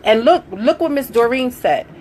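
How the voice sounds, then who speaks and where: Fairly high-pitched and expressive, this woman speaks at a moderate pace over slight background noise. Hosting a laid-back livestream, she reads viewer comments, greets commenters warmly, and offers her daughter motherly coaching between bits of chat.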